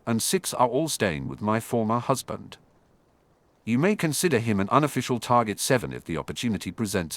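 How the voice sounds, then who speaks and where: A man's voice: lowish voice, a bit bright, no room sound, exaggerated voice. A man doing a cold scheming female spy. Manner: crisp, businesslike report.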